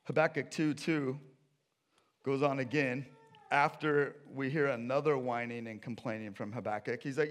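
Man preaching a lively conversational sermon. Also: medium pitch, moderate pace. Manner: conversational, swings from loud urgency to quiet intensity. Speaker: pastor.

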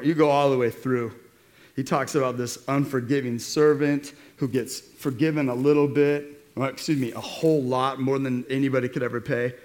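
A man preaching a sermon in a church, keeping it casual and slangy. He rallies his congregation in a voice of middling pitch. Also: darkish tone. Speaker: pastor.

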